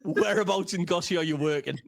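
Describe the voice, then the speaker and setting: A man's voice: high voice, fairly quick, creaky. A man with a Geordie accent, a stand-up comedian chatting on a podcast, joking and swearing freely. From North East England. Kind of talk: casual podcast chat.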